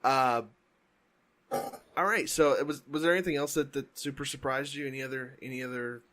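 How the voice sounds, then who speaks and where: A man co-hosting a casual podcast, talking in a halting, rambling way with many restarts. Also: mid-range voice, fairly even intonation, fairly bright tone. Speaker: podcast co-host. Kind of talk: casual chat. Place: home, during a thunderstorm.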